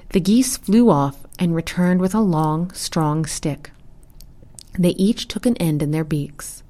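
Calm woman reading a storybook aloud. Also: low-pitched. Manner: calm, quiet and measured. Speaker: story reader. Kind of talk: scripted storybook narration.

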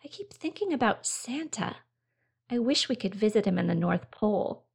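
A man's voice: high voice, very animated, moderate pace, gravelly, husky, exaggerated voice. A woman doing an eager little boy. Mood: hushed. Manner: eager, wide-eyed. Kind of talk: storybook reading.

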